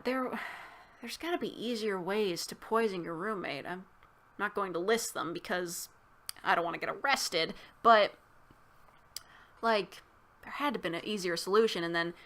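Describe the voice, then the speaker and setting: Her mid-range voice sounds pushed and bright as this woman goes over a film's plot and gives her review. The talk is loose and meandering, peppered with profanity and endless "likes."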